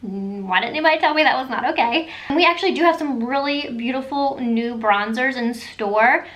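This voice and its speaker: A woman in her thirties chatting through a casual makeup tutorial, enthusiastic, with quick asides. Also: fairly high pitch, a bit bright. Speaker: beauty vlogger.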